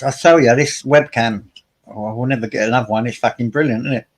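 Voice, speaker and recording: A man's voice: mid-range voice, fast talker. A man with a Cockney accent from East London, a guest in a casual live stream chat, speaking firmly and plainly.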